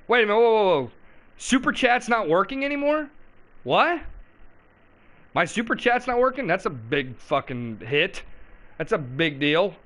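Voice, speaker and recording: Guy hosting a call-in stream, kinda high voice, cussing nonstop, all over the place. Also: fairly bright tone. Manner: brash, profane, scattered and rambling. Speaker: call-in show host. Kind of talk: profane live call-in show chat.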